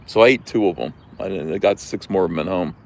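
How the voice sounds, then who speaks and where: A man with a New Jersey accent hosting a livestream outdoors, chatting casually in an animated, rambling way. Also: deep voice, quick pace. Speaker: livestream host. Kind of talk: casual chat.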